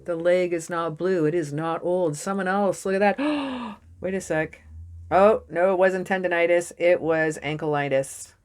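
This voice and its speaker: Young woman reading tarot, kinda low voice, gets all excited and swears a lot. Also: unhurried. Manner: excitable, swearing, jokey storytelling. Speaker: tarot reader. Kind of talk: casual tarot reading to camera.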